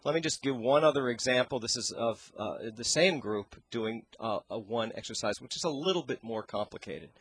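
A man of ordinary pitch explains singing technique as a guest, pausing often as he hunts for words. He speaks into a handheld microphone. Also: fairly bright tone, husky. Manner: halting, searching for words. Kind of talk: explaining with sung demonstrations.

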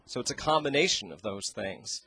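A man teaching singing as an interview guest, talking in a halting way and searching for his words into a handheld microphone. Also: medium pitch, expressive, creaky, crowd noise. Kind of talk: explaining with sung demonstrations.

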